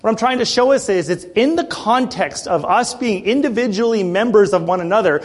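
A man preaching a sermon in a church, passionate, with joking asides and frequent throat clearing. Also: high-pitched, expressive, a little fast.

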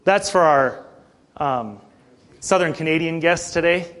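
A man preaching a sermon in a conversational, animated way, with frequent asides to the congregation. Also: on the high side, unhurried. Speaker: pastor.

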